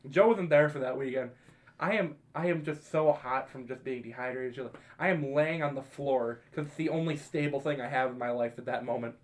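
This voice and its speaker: A man's voice: medium pitch, fairly quick. A young man co-hosting a podcast, casually telling a profane, laugh-filled story to friends. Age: young adult. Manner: laughing, profane, animated retelling. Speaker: podcast co-host.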